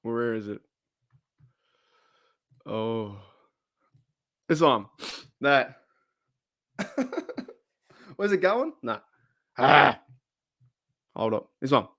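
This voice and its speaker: A man's voice: medium pitch, sing-song, very slow, long pauses, a bit bright, dry recording, clean studio sound. An Australian man hosting a casual livestream, chatting, laughing often and reading out viewer comments. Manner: chatty, laughs often, reads chat aloud. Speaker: livestream host.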